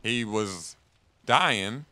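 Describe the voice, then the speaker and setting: A young man rambles through casual gaming talk, cursing freely. His low voice has a bright, forceful edge and swings widely in pitch. Faint noise hums behind him. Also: extremely slow. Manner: rambling, profane, animated. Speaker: gaming streamer. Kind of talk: casual gameplay commentary.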